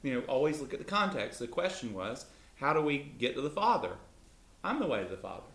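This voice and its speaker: A man teaching about the Bible in a relaxed way, with his voice leaping up when he acts out quotes. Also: fast talker. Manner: lively, pitch jumps up when voicing Jesus. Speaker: co-host of a Christian talk show. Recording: echoey room.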